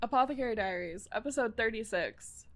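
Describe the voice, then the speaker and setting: A woman co-host with a high, bouncy voice that swings all over the place. She chats casually and giggles often, acting out the lines as she retells an anime episode. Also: fairly quick. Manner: giggly, animated retelling with acted-out quotes. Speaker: podcast co-host. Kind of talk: casual anime recap chat.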